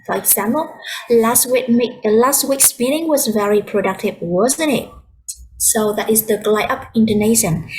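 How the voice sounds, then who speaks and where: A woman's voice: on the high side, darkish tone, slight background noise. A woman English teacher with a Vietnamese accent, explaining patiently over a video call. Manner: explains patiently, switching between languages. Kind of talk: online class instruction.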